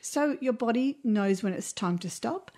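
A woman's voice: a little high, lively intonation, unhurried, dark tone. A woman co-hosting a casual podcast. She talks candidly and from the heart, with frequent ums and restarts. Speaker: podcast co-host.

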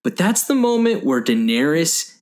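A man's voice: a little high, moderate pace. A man co-hosting a casual fan podcast, telling favorite scenes with energy and acting out bits of dialogue. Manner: animated storytelling, acts out scenes. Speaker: podcast host.

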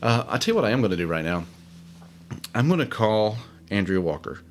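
A man's voice: fairly low pitch, big pitch swings, fairly quick, a little hiss or hum. A man hosting a casual solo show, rambling and self-deprecating with many fillers. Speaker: podcast host. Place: home studio, alone.

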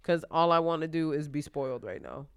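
A woman's voice: low voice, animated, a little fast, smooth, no room sound, clean studio sound. A young pregnant woman co-hosting a casual podcast chat, talking in slang, laughing often and acting out quotes. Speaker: podcast co-host.

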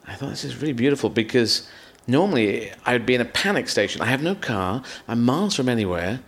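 Male comedian guest, sprawling animated anecdotes with voiced quotes, middle pitch. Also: fast talker. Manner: rambling, animated storytelling with acted-out quotes and swearing. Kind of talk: live podcast conversation.

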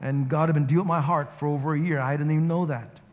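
A man's voice: on the high side, quick pace, dull audio. A male guest pastor preaching a sermon and telling stories with acted quotes, recorded in a church sanctuary. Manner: animated storytelling with acted quotes. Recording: reverberant hall.

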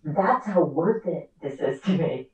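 A woman actor speaking candidly as a podcast guest, her lowish, mellow voice animated and full of quick asides. She sounds distant and echoey, recorded on a dull, muffled remote line. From America. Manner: animated, quick asides, acts out quoted dialogue. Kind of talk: candid interview conversation.

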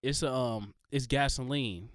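A man's voice: medium pitch, takes it slowly, no room sound, clean studio sound. A man co-hosting a casual podcast, telling laid-back stories and swearing freely. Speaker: podcast co-host. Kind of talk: casual chat.

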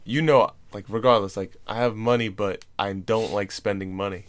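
A man's voice: on the low side, fairly even intonation, moderate pace. A young man hosting a podcast, telling rambling stories in casual chat and laughing often at his co-host. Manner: giggly, rambling storyteller.

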